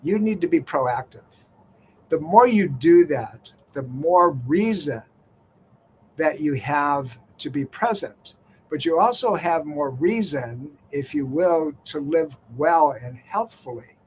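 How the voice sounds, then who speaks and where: A man's voice: on the high side, animated, slow pace, slight background noise. Chatty radio health host, older man. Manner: folksy, conversational, many "you know" fillers. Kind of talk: talk radio monologue.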